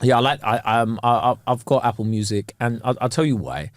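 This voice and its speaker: A young man co-hosting a casual podcast chat, slangy and quick to laugh. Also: medium pitch, dry recording. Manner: animated, slangy, laughs often. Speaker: podcast co-host.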